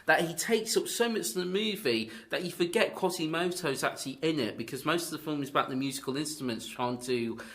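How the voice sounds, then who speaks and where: A man's voice: fairly high pitch, fairly quick, few pauses, fairly bright tone. A man hosting a film review podcast, arguing his points in a sarcastic, mock-earnest way. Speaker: podcast host. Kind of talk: casual film review chat.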